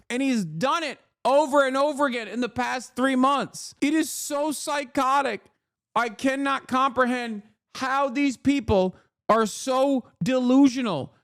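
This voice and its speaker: Political streamer, male, exasperated and sweary, high-pitched, dry and close-miked. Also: no room sound. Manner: profane, exasperated, mocking mimicry. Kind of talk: heated commentary reacting to news clips.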